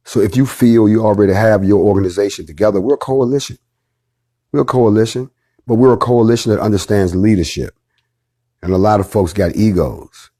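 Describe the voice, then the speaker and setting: A middle-aged man with a husky, slightly rough voice speaks to his followers in casual livestream talk. He pitches his voice on the low side and talks emphatically and bluntly, full of street slang and profanity. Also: dark tone. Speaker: organization leader addressing followers.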